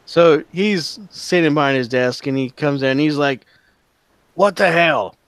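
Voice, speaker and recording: A man's voice: fairly high pitch, normal speed, clean tone, no room sound. A man narrating as game master in a casual, profane style with many fillers.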